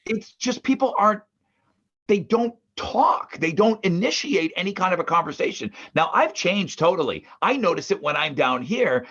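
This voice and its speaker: Husky animated man telling family stories. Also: sits high, moderate pace, highs cut off. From Northeastern United States. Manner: animated storyteller, swears, acts out family members' voices. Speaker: podcast co-host. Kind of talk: casual podcast chat. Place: his mother's basement.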